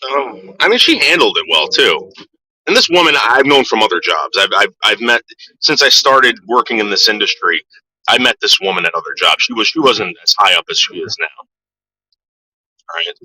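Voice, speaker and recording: A man with a fairly low voice and a sharp, forceful edge talks straight to his viewers. He rambles through a story bluntly, with plenty of swearing. The sound is dry, with no room around it. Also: big pitch swings, normal speed, no echo, poor audio. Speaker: vlogger. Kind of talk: casual storytelling to camera.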